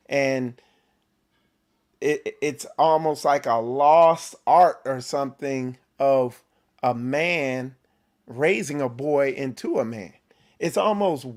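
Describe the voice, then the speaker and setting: A man hosting his own faith show, talking in an emphatic, preachy way with frequent repeats and restarts. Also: medium pitch. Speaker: host of a men's faith show. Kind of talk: preachy motivational talk.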